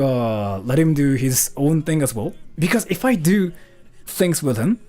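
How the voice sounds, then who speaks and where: A man streaming live and chatting casually with viewers, who talks quickly, fills his speech with "like" and "uh", and laughs often. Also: on the high side, darkish tone. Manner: fast-talking, heavy on fillers like "like" and "uh"; laughs often while talking. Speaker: streamer answering donations. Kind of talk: casual livestream chat.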